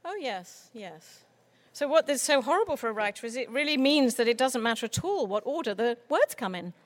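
A woman who writes children's books, giving an earnest, expressive talk on writing for children. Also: sits high, fast talker, no echo. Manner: earnest, expressive speaker with mock voices for quoted people. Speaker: children's author. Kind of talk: conference talk.

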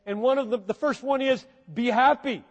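A man preaching a sermon with passion, swinging between quiet, measured stretches and loud, emphatic bursts. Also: extremely high pitch, steady tone, dull audio. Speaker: pastor. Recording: long hall reverb.

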